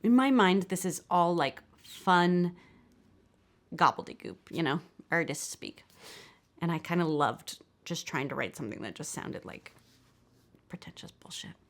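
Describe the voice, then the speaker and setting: American woman talking about her screenplay, candid and self-deprecating, low-ish voice. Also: expressive, a little slow. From United States. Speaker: filmmaker giving a lecture. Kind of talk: lecture, reading from her screenplay.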